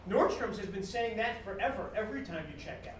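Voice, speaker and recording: A man giving a joking, animated business keynote to a live audience, acting out customer exchanges as he goes. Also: high-pitched, fairly quick, slight background noise. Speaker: guest speaker at a business talk series. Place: event room with a live audience. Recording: echoey room, mic at a distance.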